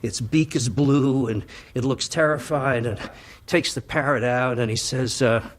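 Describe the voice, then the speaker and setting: A man's voice: medium pitch, a little slow. A man telling a long joke, rambling with fillers and repeated "he says". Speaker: joke teller.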